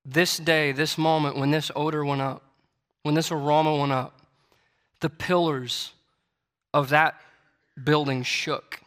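In a church sanctuary with long hall reverb, a male preacher reads scripture in King James wording and builds his sermon toward emphatic, repeated declarations with rising intensity. His voice is on the high side and a bit bright, delivered flatly at a measured pace with frequent pauses.

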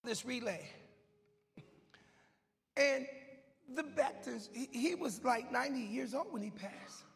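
High-voiced gravelly man preaching in a hall. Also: lively intonation, slow. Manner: dramatic storytelling, swinging from hushed whispers to shouting; loud and goofy. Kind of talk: sermon. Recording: long hall reverb with faint music.

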